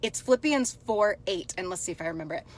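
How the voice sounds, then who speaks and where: A woman in her thirties, a life coach, hosts a live stream and coaches in real time, speaking directly to viewers in a chatty, upbeat manner. Her mid-range voice is fast with lively intonation.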